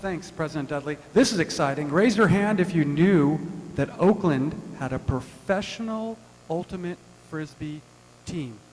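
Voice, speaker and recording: Enthusiastic high-voiced man. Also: lively intonation, normal speed, darkish tone, poor audio. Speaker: club member introducing a guest.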